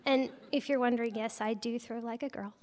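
A woman with a high, bright-pitched voice recounts her own misadventures with lively, self-deprecating humor. She speaks as a storyteller before a live audience. Her voice carries a long, lingering reverb from the hall. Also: brisk. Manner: humorous, self-mocking, animated. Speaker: storyteller, wildlife biologist.

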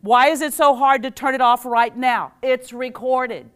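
Woman, middle-aged, former teacher, workshop speaker, higher-pitched voice, animated, asks the audience questions. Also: normal speed, clear, resonant tone. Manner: animated, quizzes the audience and leads call-and-response. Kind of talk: lively workshop talk to a live audience.

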